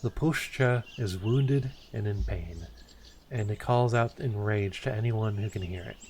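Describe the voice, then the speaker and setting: A man reading aloud the lines of a calm, bitter man who defends the forest, slow and measured. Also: lowish voice, a little hiss or hum. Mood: grave. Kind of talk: reading game dialogue aloud.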